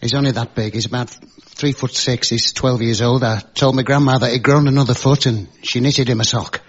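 A man telling dry one-liners in a steady stand-up routine on a panel show. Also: mid-range voice, a little fast, husky. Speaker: comedy panel contestant. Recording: dull lo-fi with faint noise.

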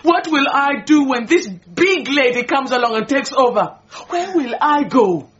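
A histrionic proud housemaid. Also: female voice, high-pitched, expressive, measured pace, a bit bright. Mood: wailing. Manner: histrionic, scolding, wailing. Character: indignant, theatrical middle-aged housemaid, proud and possessive. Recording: dull lo-fi radio recording.

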